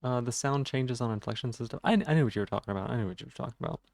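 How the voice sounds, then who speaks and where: A man's voice: medium pitch, rapid-fire, vocal fry, darkish tone, no room sound, studio quality. Stuttering man chatting on a live stream. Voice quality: stutters on some words. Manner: rambling, self-deprecating, talking to chat. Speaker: game streamer. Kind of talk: casual live-stream chat.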